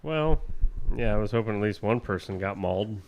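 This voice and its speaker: A man co-hosting a casual morning show, chiming in with quick, relaxed reactions. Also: on the low side, a little hiss or hum. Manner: laid-back, quick reactions and laughs. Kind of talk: casual radio show banter.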